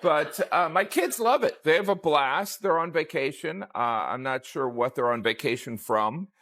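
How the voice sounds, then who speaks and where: A man's voice: fairly high pitch, expressive, normal speed, fairly bright tone. A man chatting as a talk show guest, with a wry, dry humor about his family. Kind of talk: casual chat.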